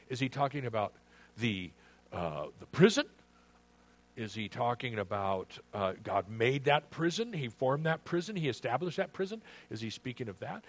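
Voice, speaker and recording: Male pastor, mid-pitched, earnest and conversational; preaching with rhetorical questions and slow, emphatic scripture reading. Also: slightly rough. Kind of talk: sermon.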